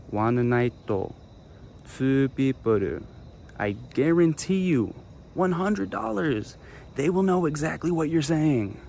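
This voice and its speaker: A young man giving casual travel advice straight to camera, blunt and emphatic, swearing freely and repeating his promises. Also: mid-range voice.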